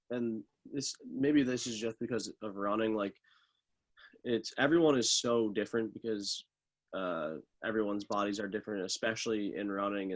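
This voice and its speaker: A young man with a fairly low voice talks through his training in an easygoing way. He drifts along with lots of "like" and "uh". The tone stays casual and unhurried, like a friendly interview. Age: young adult. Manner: relaxed, loose, many fillers like "like" and "uh". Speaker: professional middle distance runner, guest.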